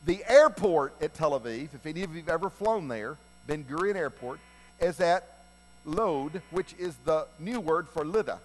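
High-voiced male preacher in a reverberant hall. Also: moderate pace. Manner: folksy, animated storytelling. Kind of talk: sermon retelling a Bible story.

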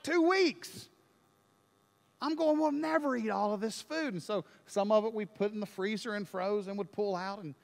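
A man preaching a sermon, telling a story in an animated way and building to loud, emphatic peaks. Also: sits high, long reverb tail. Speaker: pastor.

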